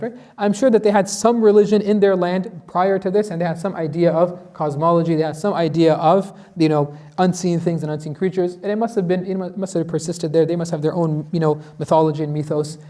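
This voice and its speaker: A man's voice: sits high, warm tone. A man teaching a conversational Quran lesson as an imam, telling the story with rhetorical questions and acted-out quotes.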